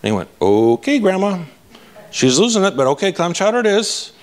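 Energetic, blunt man giving a keynote. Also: sits high, fast. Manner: energetic, casual and blunt, often asking the audience "right?". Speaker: conference speaker. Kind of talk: live keynote talk. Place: conference stage.

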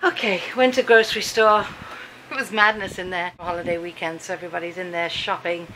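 Brief: chatty British vlogger at home, rambling and amused, bright edge. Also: female voice, fairly low pitch, steady tone, a little fast, slight background noise, poor audio. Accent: British English. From Britain. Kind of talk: casual vlog chat. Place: home, indoors, dim room.

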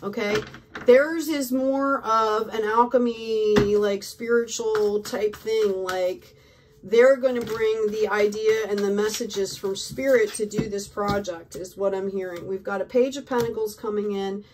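A woman's voice: medium pitch, steady tone, measured pace, recorded from a distance, noisy background. A woman giving a casual tarot reading, talking effusively and peppering her speech with "like", "right?" and "okay?". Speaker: tarot reader.

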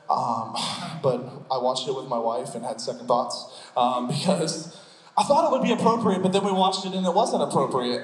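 A man preaches in a church sanctuary, his voice sitting a little high for a man. He is lively and jokey and slips into comic voices to act out stories. The room is echoey, with a long hall reverb trailing after his words. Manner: animated, joking, acts out scenes in funny voices. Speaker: pastor. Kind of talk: sermon.

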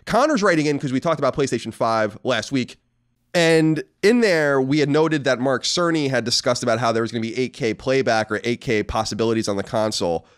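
Animated man co-hosting a podcast. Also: medium pitch. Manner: sarcastic, playfully mocking. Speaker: podcast co-host. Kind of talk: casual podcast chat.

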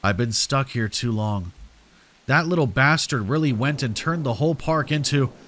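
A man voicing a jittery, manic man who has been trapped too long, speaking low and full of dread, with rain falling behind. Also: animated, moderate pace, a bit bright, close to an everyday voice. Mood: bitter.

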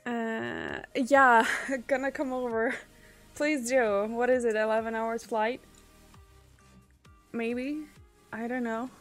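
A woman's voice: a little high, fairly even intonation, takes it slowly, pauses often, a bit bright, faint music behind. A woman streamer in casual chat with her viewers. She is chatty, swears often and trails off with fillers.

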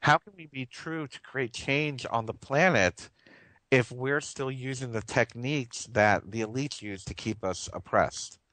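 A man's voice: mid-range voice, unhurried, a bit bright, no room sound, poor audio. A man hosting a live radio talk show, talking earnestly and rambling, with frequent restarts and chuckles.

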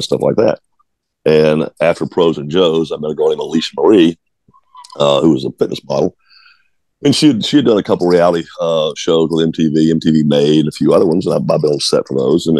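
Very deep-voiced blunt Georgia-born man. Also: dark tone, no echo. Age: 40s. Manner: blunt, profane, repeats words when restarting. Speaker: guest, former baseball player. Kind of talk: casual interview storytelling.

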